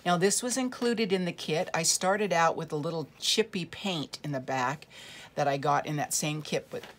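A woman's voice: low-pitched, moderate pace. A woman casually showing off a handmade craft project, chatty and rambling, with frequent fillers and restarts. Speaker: craft vlogger. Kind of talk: casual show-and-tell craft tutorial.

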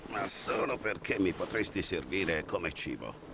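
A man voicing a gruff, threatening male commander in a dubbed game cutscene. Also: low voice, expressive, moderate pace. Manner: bossy and threatening. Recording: noisy game audio.

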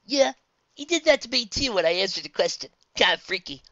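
A woman's voice: medium pitch, brisk, dry recording, muffled recording, voice pushed up. A woman voicing an easygoing, teasing female pony DJ in a fan audiobook reading. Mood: breezy. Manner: breezy, teasing, relaxed.

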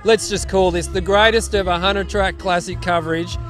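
An Australian man co-hosting a live athletics stream, excitable and hammy. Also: sits high, moderate pace, soft background music. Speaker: co-host. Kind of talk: jokey live-stream banter.

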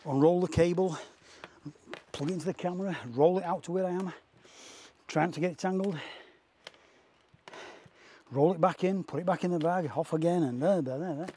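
A man's voice: high voice, moderate pace, long pauses, mellow, a little hiss or hum. A man vlogging outdoors on a hike, a bit out of breath, chatty and self-mocking, talking into a clip-on mic. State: out of breath from hiking. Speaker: landscape photographer vlogger. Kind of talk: casual outdoor vlog. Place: outdoors on a windy hill. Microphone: wireless clip-on mic.

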